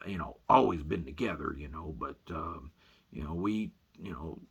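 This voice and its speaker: A man telling a rambling comic story in a folksy way, filling every pause with "you know", as a voice-over for photos. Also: very deep voice, breathy edge.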